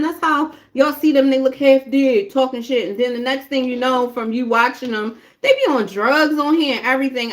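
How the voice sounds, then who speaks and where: A woman giving a casual live tarot reading, talking bluntly and chattily straight to her viewers. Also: sits high. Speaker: tarot reader.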